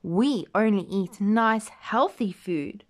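A woman voicing a gruff, stern father bear in a storybook reading. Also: medium pitch, animated, takes it slowly.

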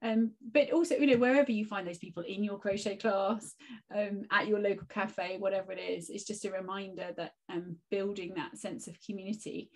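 A woman's voice: medium pitch, steady tone, brisk, darkish tone. Woman giving reflective, encouraging advice. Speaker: guest teacher and author. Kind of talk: casual conversational interview.

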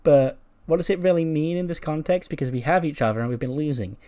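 A man's voice: fairly high pitch, fast talker, warm tone, voice pushed up, natural voice. A man voicing an anxious young female wrestler questioning her team's losing streak. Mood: worried.

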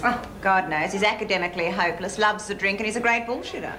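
A woman's voice: medium pitch, fast talker, noisy background, natural voice. An actress playing a smug, wealthy, middle-aged society woman with a posh Australian accent in a TV sketch comedy. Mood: gossipy. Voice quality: affected, plummy.

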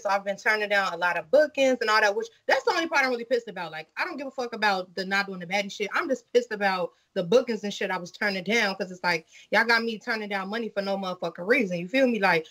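A woman hosting a casual podcast chat, telling stories in a blunt, profane and animated way. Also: mid-range voice, fast talker. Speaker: podcast host.

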